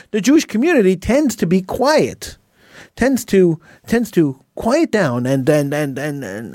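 A man's voice: sits high, a little mellow, no room sound, studio quality. A man hosting a call-in talk show, delivering an indignant monologue full of rhetorical questions and repeated phrases. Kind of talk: opinionated monologue.

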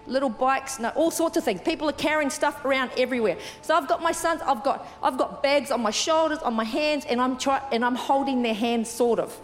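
A woman pastor preaching at a church service, telling a story with animated energy and moving to an earnest appeal. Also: sits high. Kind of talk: sermon with altar call. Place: large church auditorium. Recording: long hall reverb.

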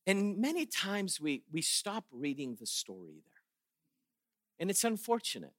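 Animated high-voiced male preacher. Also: a little slow, no room sound, clean studio sound. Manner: animated, sarcastic acting-out of quotes, frequent restarts. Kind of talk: sermon. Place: chapel or auditorium.

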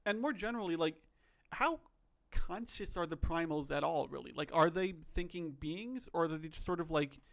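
A man's voice: a little high, lively intonation, moderate pace, gravelly, a bit bright. A man co-hosting a podcast, musing through ideas in casual chat with lots of "like". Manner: thoughtful, musing, many "like" fillers. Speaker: podcast co-host.

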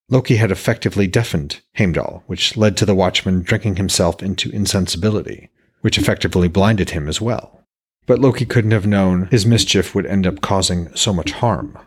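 A man narrating his own fantasy novel as an audiobook, in a measured, descriptive storytelling voice. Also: sits low, breathy edge.

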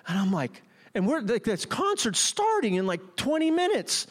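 Middle-aged male pastor, high voice, animated self-mocking sermon storyteller. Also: moderate pace. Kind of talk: sermon with personal stories.

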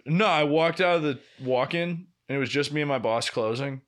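Fairly high-pitched and brisk, this young male podcast co-host spins stories in relaxed conversation. He's an animated storyteller who acts out what people said and doesn't hold back on the swearing.

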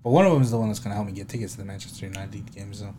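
A young man co-hosting a casual football podcast, trading crude banter and bursting into loud mock yells. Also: on the low side, very fast, slight background noise. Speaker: podcast co-host. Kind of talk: casual chat.

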